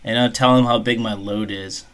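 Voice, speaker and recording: A man's voice: fairly low pitch, steady tone, moderate pace, fairly bright tone, smooth. A man co-hosting a podcast at a microphone, crude and jokey, often laughing at his own jokes. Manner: crass, jokey, breaks into laughter. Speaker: podcast co-host. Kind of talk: crude comedic banter. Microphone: desk microphone.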